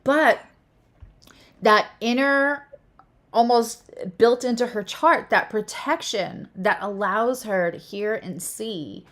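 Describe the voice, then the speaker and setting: A woman astrologer and tarot reader hosting a casual spiritual chat, talking with animated emphasis and often restarting her phrases. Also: fairly high pitch, slow pace.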